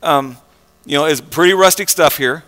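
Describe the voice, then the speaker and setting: A man with a slightly high voice preaches a sermon at a moderate pace, in a conversational, animated style with frequent fillers and restarts. The recording carries a big-room sound.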